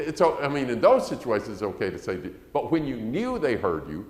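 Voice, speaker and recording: A man's voice: mid-range voice, big pitch swings, quick pace, hardly any pauses. A man preaching a conversational sermon, acting out quotes and rising to emphasis. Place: church sanctuary. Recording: echoey church hall.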